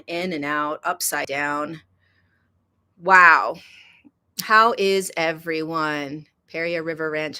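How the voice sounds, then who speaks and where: Casting note: woman, livestream host, lowish voice, chatty and warm-hearted with viewers, drifts between hushed and excited. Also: clean tone. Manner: chatty, greets viewers by name, swings from soft to excited. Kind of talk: casual spiritual livestream talk. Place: indoors in Kenya.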